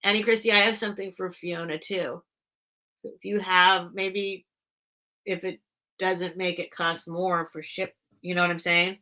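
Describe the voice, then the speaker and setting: A woman's voice: on the low side, pushed and bright. A woman hosting a casual live sale stream, chatting with viewers in a rambling, apologetic way and breaking off mid-sentence. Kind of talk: casual livestream chat.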